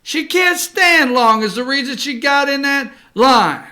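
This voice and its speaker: A man's voice: very high-pitched, animated, unhurried, sharp tone. A male talk show host giving emphatic, opinionated commentary and cueing his producer between clips. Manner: ranting, emphatic, cues the producer.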